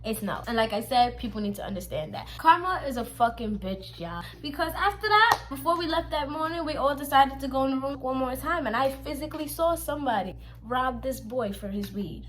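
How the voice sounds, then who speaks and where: A woman's voice: high voice, expressive, brisk, few pauses, fairly bright tone. A young woman vlogger telling a storytime to her viewers in a blunt, profane, emphatic way, speaking right to them. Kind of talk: casual storytelling to camera.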